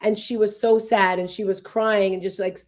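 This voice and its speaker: With a medium-pitched, flat, slightly mellow delivery, a host in her fifties leads an easygoing chat. She wanders emotionally across quick tangents and at times nearly breaks into tears.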